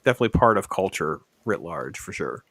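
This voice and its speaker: A man hosting a casual podcast film discussion, relaxed and rambling with fillers. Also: sits low, brisk, slightly rough, no echo. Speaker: podcast host.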